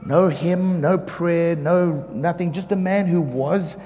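A man preaching as a pastor, telling lively stories about his neighbours, acting out the quotes and often laughing. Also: a little high, takes it slowly. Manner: animated storyteller, acts out quotes, laughs often. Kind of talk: sermon storytelling. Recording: reverberant hall with faint ambience.

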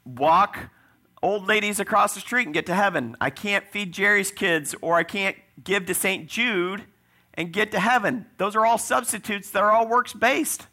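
Gravelly, bright-toned preaching man. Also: high-pitched. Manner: conversational preaching with frequent "right?" asides. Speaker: pastor. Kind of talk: sermon.

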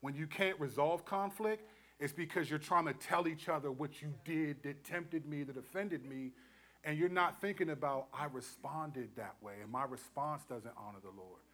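Middle-aged male pastor, bright and somewhat high, animated storytelling sermon. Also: moderate pace. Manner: animated storyteller, acts out quotes, laughs often. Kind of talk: sermon teaching.

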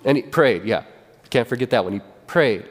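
A man preaching a sermon as pastor, animated and conversational, often repeating and restarting his words. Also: mid-range voice, moderate pace, long reverb tail. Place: church sanctuary.

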